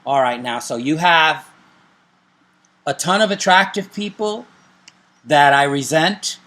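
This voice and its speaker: A man's voice: fairly high pitch, takes it slowly, bright, forceful tone. A middle-aged man co-hosting a casual chat and recommending TV shows, joking and making self-deprecating asides. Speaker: show co-host.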